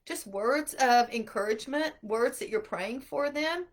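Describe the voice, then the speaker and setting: A middle-aged woman giving an earnest, animated inspirational talk to mothers about homeschooling. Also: fairly high pitch, measured pace. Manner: animated, earnest, acts out quotes. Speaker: homeschool speaker.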